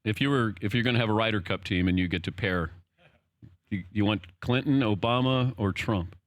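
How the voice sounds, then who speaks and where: A man's voice: lowish voice, brisk, dry recording, studio quality. A middle-aged man hosting a talk show interview, jokey and teasing. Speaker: radio talk show host.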